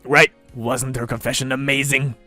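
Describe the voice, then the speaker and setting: A man voicing a cursed schoolgirl spirit in a deep, gravelly horror-movie voice, slow and ominous, reading a visual novel aloud. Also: flat delivery, sharp tone, soft background music, close to an everyday voice. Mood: gushing. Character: creepy girl spirit, cursed, deep and menacing.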